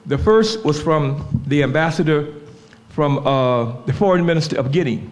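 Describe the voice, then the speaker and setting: A man speaking on a panel at a public event in a memorial center, reading quotations aloud and slowing down to stress key words. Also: a little high, darkish tone. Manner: measured, slows down to stress quoted words.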